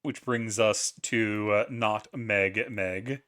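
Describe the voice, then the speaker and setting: A man running a tabletop game as game master, casual and quick to laugh and swear. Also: fairly low pitch, fairly even intonation, fairly bright tone.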